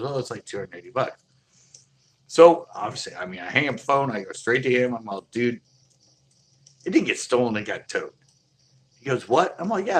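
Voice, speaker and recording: A man tells a story in a low, relaxed voice. He talks in easygoing slang and acts out both sides of the conversation with lively swings. A faint hiss sits under the recording. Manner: laid-back slang, lots of "dude" and "like". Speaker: boutique owner telling a story. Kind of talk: casual storytelling.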